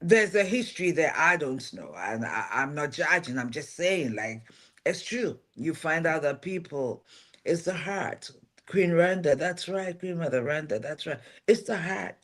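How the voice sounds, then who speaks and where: A low-pitched, slightly bright voice with lively intonation and a somewhat slow pace belongs to a non-American woman on a livestream talk show. Both a pastor and a home care agency owner, she talks earnestly and keeps repeating her main phrases to stress them.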